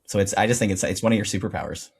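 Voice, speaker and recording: A man's voice: lowish voice, racing, gravelly, husky. A man hosting a podcast, speaking reflectively and searching for words in casual conversation. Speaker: podcast host.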